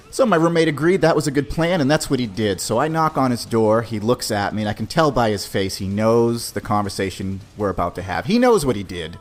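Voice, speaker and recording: A man's voice: medium pitch, expressive, fairly quick, hardly any pauses, soft background music. A man hosting a podcast, telling a personal story in a laid-back, casual way, often saying "man". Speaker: podcast host.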